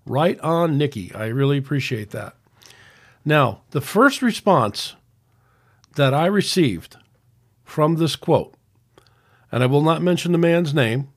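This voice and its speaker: A man's voice: fairly high pitch, expressive, slow, long pauses. Man in his sixties, opinionated podcast monologue. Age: 60s. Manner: reads out messages and argues back, frequent restarts. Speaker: podcast host.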